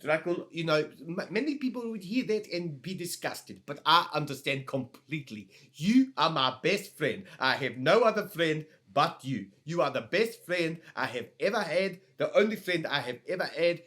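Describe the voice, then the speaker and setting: A man's voice: fairly high pitch, sing-song, moderate pace, few pauses, fairly bright tone. A man playing a rambling, lonely father of eight. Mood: heartfelt. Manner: rambling, earnest, laughs mid-sentence. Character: lonely put-upon father of eight boys. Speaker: podcast co-host. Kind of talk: improvised comedy role-play.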